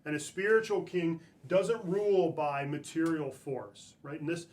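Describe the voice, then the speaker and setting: A man's voice: a little high, a little slow, darkish tone. A man in a church reading scripture aloud and then talking through it in a casual, conversational way, often checking in with "right?". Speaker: church speaker.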